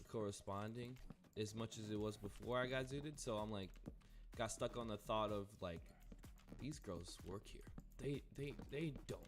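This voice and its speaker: A young man casually telling a rambling, profane story while playing a game. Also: on the low side. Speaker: gaming streamer.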